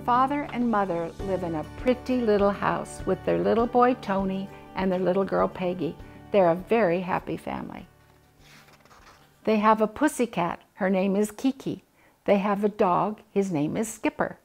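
An older woman reading a children's picture book aloud, gently voicing the animals and family. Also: medium pitch, moderate pace, creaky, soft background music. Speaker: storybook reader.

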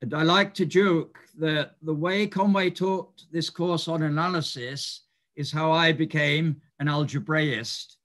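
An older man giving a reminiscing lecture, speaking in a measured, explanatory way with some hesitant fillers. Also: fairly high pitch, steady tone, a bit bright. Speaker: mathematician giving a talk.

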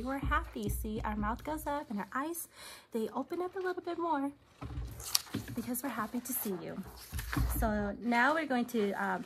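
A woman teaching a recorded preschool lesson, speaking slowly and patiently with lots of simple questions. Her voice sits fairly high. The recording carries clear background noise and clicks. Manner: slow, patient, questioning tone for small children. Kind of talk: recorded classroom lesson for young children.

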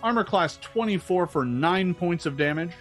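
A man's voice: high voice, moderate pace, faint music behind. Joking man running a tabletop game. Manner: relaxed, joking, many fillers. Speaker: game master.

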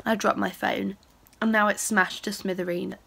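A woman's voice: medium pitch, level tone, normal speed, creaky, fairly bright tone, husky. A young woman vlogging casually, chatty and self-mocking, talking into a phone camera. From United Kingdom. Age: young adult. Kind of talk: casual vlog chat.

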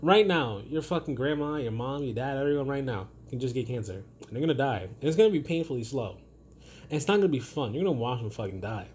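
A man's voice: mid-range voice, expressive, fast talker, a little mellow, a little hiss or hum. A man ranting casually to camera in a blunt, profane and rambling way, often restarting his sentences. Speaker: vlogger.

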